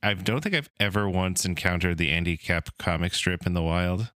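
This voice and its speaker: A man's voice: low voice, moderate pace, pushed and bright, no echo, clean studio sound. A man co-hosting a comedy podcast, chatting casually and rambling with lots of "like". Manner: rambling, hedging with "like". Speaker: podcast co-host.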